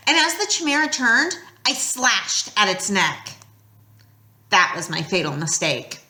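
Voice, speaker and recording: A woman reading a novel aloud in first person, with expressive storytelling that drops quiet at tense moments. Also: medium pitch, reverberant. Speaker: audiobook reader.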